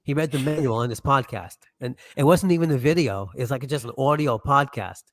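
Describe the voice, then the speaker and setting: A man's voice: medium pitch, brisk, no echo. A man chatting on a podcast in a joking, anecdotal way. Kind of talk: casual podcast chat.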